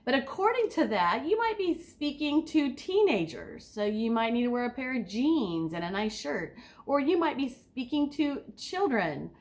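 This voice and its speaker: An enthusiastic woman giving an instructional talk as a speaking coach, asking her listeners direct questions. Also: a little high. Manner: enthusiastic, sometimes overly excited.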